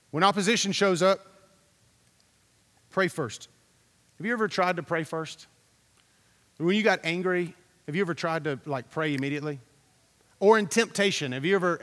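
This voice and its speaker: A man's voice: sits high, fairly bright tone, in a large hall. A man preaching a sermon as a pastor, talking in a conversational, storytelling way, repeating himself and putting questions to the congregation.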